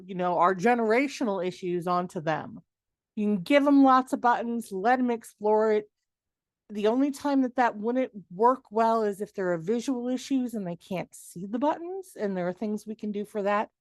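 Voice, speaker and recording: A middle-aged woman presenting a workshop, lively and animated, acting out quoted dialogue as she explains. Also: fairly high pitch, no echo. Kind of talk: webinar presentation.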